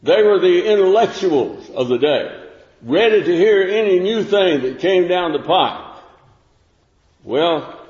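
A man preaching a sermon in a folksy, unhurried way, with fillers and restarts. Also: on the high side, a little mellow. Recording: echoey room with long reverb, dull lo-fi sound.

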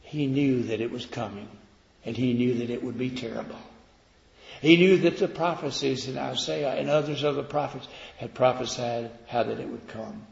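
A man preaching a sermon, swinging from loud declaiming to quiet, slow emphasis. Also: medium pitch, gravelly, slight background noise. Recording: echoey hall, dull lo-fi sound.

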